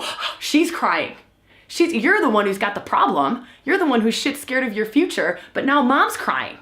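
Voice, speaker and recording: Emphatic woman teaching in an echoey room. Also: mid-range voice. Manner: emphatic, asks "right?" often, acts out the voices she describes. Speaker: women's coach hosting a live session. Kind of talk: spiritual teaching talk to a live online audience.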